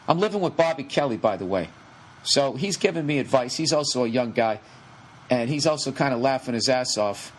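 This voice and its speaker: A man's voice: a little high, a little hiss or hum. A man with a Boston accent telling a long comic story on a podcast, swearing freely and acting out the people in it. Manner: profane, animated, acts out the people in his story. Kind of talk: casual storytelling.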